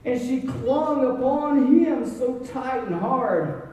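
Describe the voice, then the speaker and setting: In an echoey hall with the mic far off, a man preaches a sermon and tells the story dramatically, his voice rising and falling. His voice is very high and a little mellow, animated yet slow-paced.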